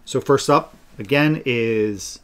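Regular-pitched guy, relaxed, walking through his dye schedule on a chatty podcast. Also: slow pace, clean tone. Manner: relaxed and explanatory. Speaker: podcast co-host and yarn dyer. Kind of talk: casual podcast chat.

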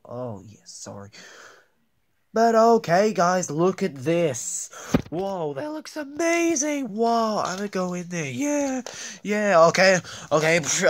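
A lone performer carries a whole crude puppet comedy, leaping between squeaky and gruff character voices with very lively pitch. The delivery is unhurried and slow-paced, full of bickering and yelled insults. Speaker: toy puppet show creator voicing every character. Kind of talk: improvised comedic toy skit.

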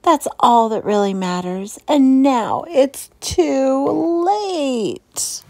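A worried little female hamster, voiced by a woman reading aloud, who wails and sniffles through her lines. Her voice sits high and leaps around with feeling, and she takes her time. The sound is close and dry. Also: big pitch swings, very slow, a little mellow, no echo, exaggerated voice, poor audio. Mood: wailing. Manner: wailing, fretful, sniffly. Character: anxious, weepy young female hamster. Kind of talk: storybook read-aloud.

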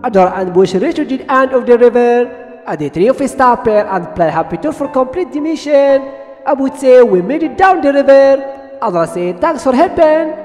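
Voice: medium pitch, a little mellow. A storyteller retelling a cartoon episode in simple, broken English phrasing. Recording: long reverb with music behind.

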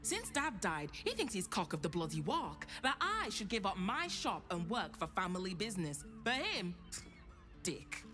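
A woman's voice: medium pitch, very animated, extremely slow, hardly any pauses. An actress voicing a brusque woman tailor who runs her own shop, curses casually and bristles at prying, over faint game music. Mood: bitter. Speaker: shopkeeper.

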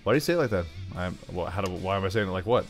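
Brief: low-pitched Philly guy, rambling gameplay commentary, faint music under. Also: expressive, racing. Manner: chatty, rambling asides, playful voices. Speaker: gaming YouTuber.

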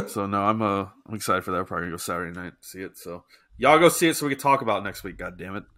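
A man's voice: lowish voice, rapid-fire, a bit bright. A man co-hosting a comedy podcast, talking loosely and casually with plenty of swearing. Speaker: podcast co-host. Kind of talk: casual chat.

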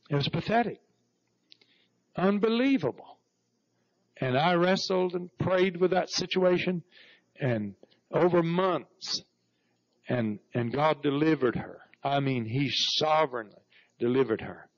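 A middle-aged male pastor preaches in a church, telling stories and rising into fervent bursts of praise. His voice sits a little high for a man. The recording is dull and lo-fi, like an old tape. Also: expressive, a little slow, pauses often. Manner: storytelling preacher, repeats "Praise God" with rising fervor. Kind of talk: sermon. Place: church sanctuary.

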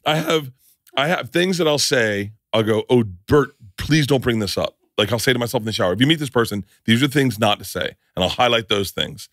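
A man's voice: mid-range voice, a little fast, no room sound, clean studio sound. A middle-aged man hosting a podcast, telling stories in a casual chat and laughing often. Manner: animated storyteller, laughs a lot. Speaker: podcast host.

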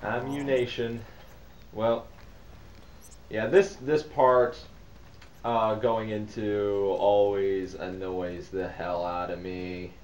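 A man with a Northeastern Ohio accent giving casual, rambling let's-play commentary, chatty and quick to laugh. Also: on the low side, level tone, a little mellow, a little hiss or hum. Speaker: gameplay commentator. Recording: roomy echo with game music and gunfire.

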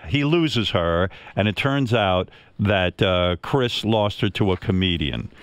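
A man's voice: deep voice, animated, slow pace, smooth, no echo. An older man hosting a radio interview, asking probing questions about an old friend. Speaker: radio host.

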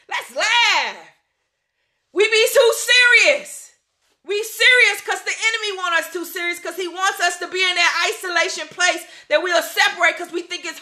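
A woman preaching a sermon, fervent and playful, often shouting praise and laughing through goofy asides. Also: very high voice. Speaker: pastor.

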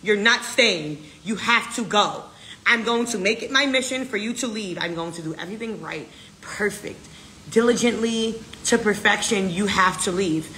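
A woman's voice: mid-range voice, normal speed, pushed and bright, echoey room, slight background noise. Brash, profane American woman ranting. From United States. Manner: brash, profane, defiant, repetitive. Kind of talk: casual rant.

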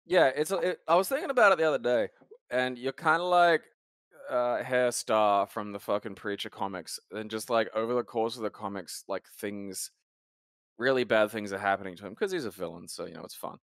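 A man's voice: medium pitch, lively intonation, moderate pace, a bit bright, no echo, studio quality. A young man co-hosting a casual podcast chat, rambling and swearing often as he trails off mid-sentence. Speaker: podcast co-host.

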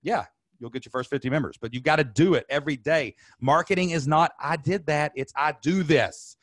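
Thirties male webinar host, rapid-fire hype delivery, dry close mic. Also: a little high, dry recording. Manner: fired-up, preachy, repeats slogans, loud whoops. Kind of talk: energetic sales webinar talk. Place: home studio under lights.

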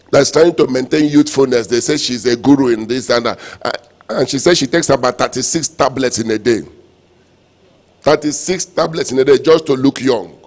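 A male pastor preaching a sermon, repeating refrains and breaking into sudden loud, emphatic lines. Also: medium pitch. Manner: preaching with call-and-response phrases and sudden loud emphatic bursts.

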